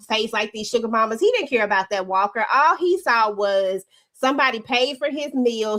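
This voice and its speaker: A woman's voice: on the high side, fairly bright tone. A woman in casual chat recapping a TV episode, candid and rambling, with slang. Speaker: show recap host.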